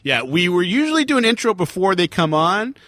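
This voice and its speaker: A man co-hosting a podcast, chatting in an excitable, jokey and crude way. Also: high voice, a little fast, no room sound, clean studio sound. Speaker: podcast co-host. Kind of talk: casual podcast chat.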